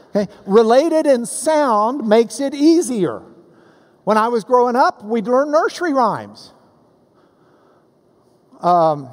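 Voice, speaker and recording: A man preaching a sermon as pastor, animated and playful as he recites rhymes and sounds out words. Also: sits high, takes it slowly. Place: church sanctuary. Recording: long hall reverb.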